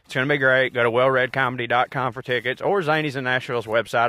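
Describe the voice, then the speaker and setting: A man's voice: mid-range voice, steady tone, fast talker, bright, forceful tone, no room sound. A man with a Southern US accent, a comedian and podcast host, ranting alone in a casual, rambling, profane and self-mocking way. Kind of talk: casual solo rant.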